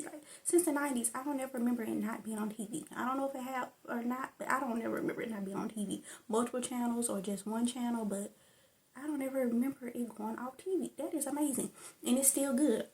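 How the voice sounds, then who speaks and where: A woman talks through her favorite comedy in a loose, tangent-prone vlog chat, laughing often. Her voice sits a little high with a gravelly edge. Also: a little mellow. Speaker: vlogger. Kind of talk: casual chat about stand-up comedy.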